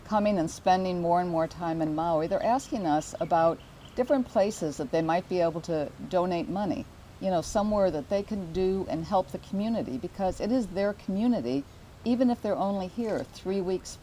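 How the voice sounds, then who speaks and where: A woman's voice: lowish voice, normal speed, mellow, a little hiss or hum, rough recording. An older woman hosting a local real estate show, chatting earnestly about community charities. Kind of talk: casual promotional chat.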